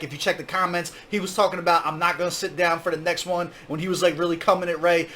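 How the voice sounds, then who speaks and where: A man's voice: high voice, fairly bright tone, a little hiss or hum. A man reacting to a rap battle as host, casual and hyped, heavy on slang and "like.". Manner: casual slang, hyped, says "like" and "my guy" a lot.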